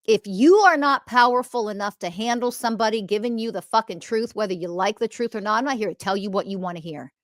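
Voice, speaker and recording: A woman hosting a podcast, delivering a confrontational, profane ranting monologue that swings from loud emphasis to quiet muttering. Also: medium pitch, fast, few pauses, no room sound, clean studio sound. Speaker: podcast host.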